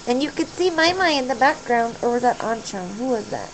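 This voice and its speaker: A woman vlogging about her pet parrot at home, talking softly and dotingly to the bird. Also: a little high, lively intonation, brisk. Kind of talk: casual pet vlog. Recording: noisy home video recording.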